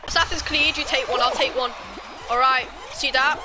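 Excitable British woman gaming, high voice. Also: moderate pace, noisy background. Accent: British, slipping Scottish. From Britain. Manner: excitable, swearing, jokey trash talk. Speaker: gaming YouTuber. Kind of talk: casual gameplay commentary.

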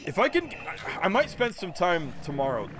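A man streaming a video game live, chatting casually, excitable and quick to laugh and break into goofy voice impressions. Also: sits high, music in the background.

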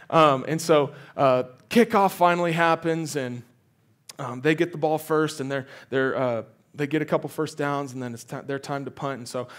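A young man with a mid-range voice preaches as a guest speaker. He tells a personal story loosely and animatedly, with many fillers and restarts.

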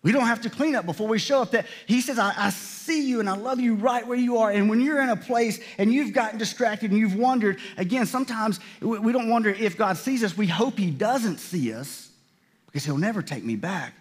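Fairly quick and expressive, this man's voice sits high with a slight roughness. As a pastor, he preaches in a conversational way, repeatedly restarting sentences and giving voice to what God and people say.

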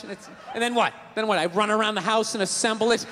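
A stand-up comedian tells a profane, ranting story. His voice is very high and sharply bright, and it carries on a long reverb from a live hall with a faint hum behind it. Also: fast talker, few pauses.

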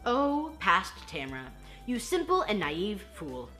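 Over music, a young woman hosting film reactions talks slowly in a mid-range voice with huge pitch swings. Her casual recap of a movie she just saw is chatty and self-deprecating, full of giggles and acted-out lines.

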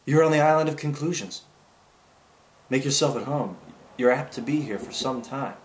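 A man reading aloud, voicing a bewildered, excitable man who swings between extremes. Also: medium pitch, normal speed, slight background noise, natural voice. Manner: exclaiming, swings between loud and soft. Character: befuddled man of extremes, shifting wildly. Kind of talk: audiobook character voice.

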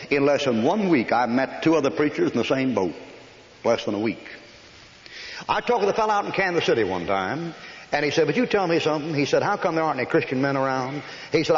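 Folksy preacher in an echoey hall. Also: male voice, mid-range voice. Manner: folksy, joking, rapid listing. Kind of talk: folksy sermon. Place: church hall. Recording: echoey lo-fi old hall recording.

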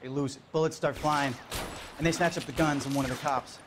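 An actor playing a male police officer briefing a detective in a game, brisk and matter-of-fact. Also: on the high side, fairly even intonation, natural voice. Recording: game audio with background noise.

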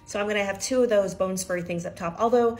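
A woman's voice: mid-range voice, quick pace, darkish tone, faint music behind. A middle-aged woman from Kentucky talking nervously and emotionally to her viewers in a personal video diary. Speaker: vlogger.

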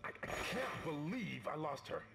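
A man's voice: fairly high pitch, big pitch swings, unhurried, vocal fry, fairly bright tone, soft background music, exaggerated voice. An actor playing a determined male space engineer in video game dialogue, speaking urgently and earnestly.

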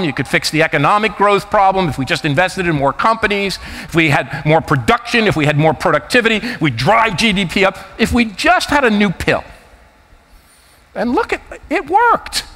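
Keynote speaker, man in his 50s, New Jersey accent, high bright voice, hall reverb. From United States. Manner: animated, anecdotal, emphatic. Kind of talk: keynote talk.

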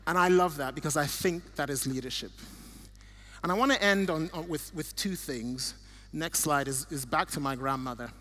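Middle-aged man from Nigeria, guest speaker, a fairly high voice, earnest and story-driven with restarts. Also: moderate pace, sharp tone. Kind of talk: church talk with slides.

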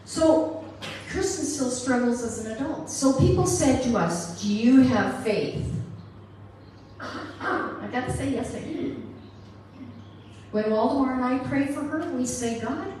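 A woman's voice: high voice, a little slow, a little mellow, slight background noise. A middle-aged woman giving a sermon with a personal testimony, telling her story earnestly and acting out the voices she quotes. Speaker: guest speaker. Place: church hall. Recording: roomy live-stream from far off.

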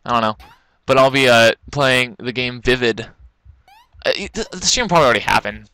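A young man casually rambling through a let's-play, breaking into loud excited outbursts, recorded on a laptop in his bedroom. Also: mid-range voice, fairly quick, dry recording, rough recording. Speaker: gaming commentator. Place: bedroom, kneeling at a laptop on the bed. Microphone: laptop mic.

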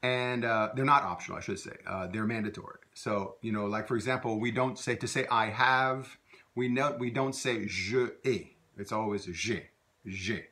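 A man's voice: medium pitch, steady tone, normal speed, sharp tone. A man teaching a casual language lesson, rambling with many fillers and restarts. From Louisiana.

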